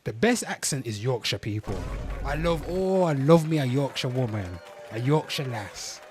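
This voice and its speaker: A man hosting a livestream, reacting to clips in an animated, mock-dramatic way and calling out to viewers. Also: mid-range voice, moderate pace, a little hiss or hum. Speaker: livestream host. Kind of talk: live reaction commentary.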